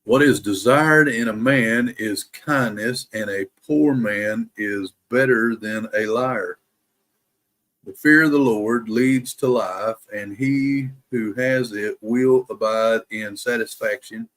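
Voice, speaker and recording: Slow, deliberate man reading scripture. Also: on the low side, a bit bright. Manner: slow, deliberate reading, careful to pronounce every word. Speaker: host of a daily Bible reading live stream. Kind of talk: reading scripture aloud and chatting with viewers.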